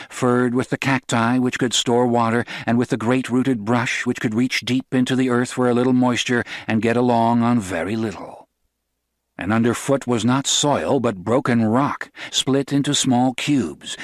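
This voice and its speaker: A man reading a novel aloud in measured, steady audiobook narration. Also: mid-range voice, dry recording, studio quality. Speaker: audiobook reader.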